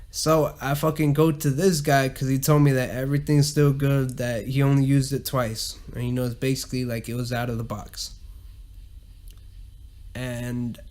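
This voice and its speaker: A man with a Southern US drawl rants into his podcast mic, complaining and cursing at every turn. His voice sits at an everyday middle pitch. It is loose, unscripted griping. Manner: profane, ranting, complaining. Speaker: podcast host. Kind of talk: casual ranting monologue.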